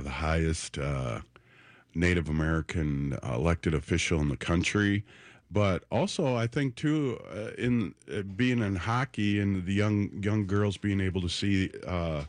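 A man hosting a casual radio interview, relaxed and hesitant with many fillers. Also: low-pitched, no room sound. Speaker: radio show host.

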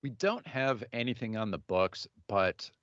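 A musician guest in his thirties gives casual interview answers about his music in a very low voice. Though very animated, he halts often, with plenty of fillers and restarts. The sound is dull and dry, with no room sound at all.

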